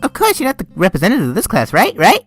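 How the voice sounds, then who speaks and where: A man putting on a shrill, shouting schoolgirl. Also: huge pitch swings, very fast, breathy edge, faint music behind, exaggerated voice. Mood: chirpy. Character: loud bubbly teen schoolgirl, pushy.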